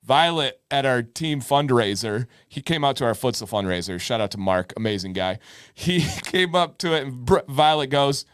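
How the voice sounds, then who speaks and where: A man's voice: mid-range voice, lively intonation, moderate pace, fairly bright tone, clean tone, no echo, clean studio sound. Joking live-stream co-host, a man. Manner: joking, playfully argumentative. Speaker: podcast co-host. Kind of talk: casual live-stream chat.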